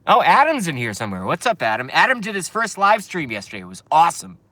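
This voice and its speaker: A man's voice: on the high side, huge pitch swings, quick pace, pushed and bright, dry recording. A man hosting a casual live stream, ranting with a lot of swearing and talking straight to his chat viewers.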